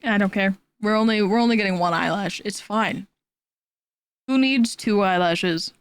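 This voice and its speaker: A young woman streams from home as an art streamer, chatting casually while she draws. Her medium-pitched voice is clean and echo-free at a normal speed, and she rambles, teases herself, and talks to her cat.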